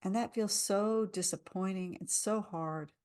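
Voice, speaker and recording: A woman's voice: mid-range voice, unhurried, warm tone, smooth. A woman coaching a live tapping session, speaking soothing lines for listeners to repeat. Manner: soothing, leads repeat-after-me affirmations.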